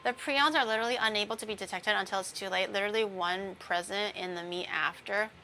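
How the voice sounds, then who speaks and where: This young woman talks fast in a sharp, mid-range voice as she bakes during a casual VTuber stream, wandering into playful tangents and using plenty of fillers. There's slight background noise.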